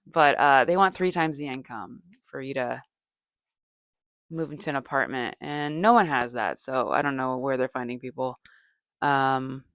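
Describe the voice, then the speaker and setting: A middle-aged woman with a low voice, chatting on her own in a meandering way and filling her pauses with ums and side comments. The sound is close and dry, with no room echo. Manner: meandering, chatty, many fillers and asides. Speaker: comedian and podcast host. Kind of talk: rambling solo comedy chat.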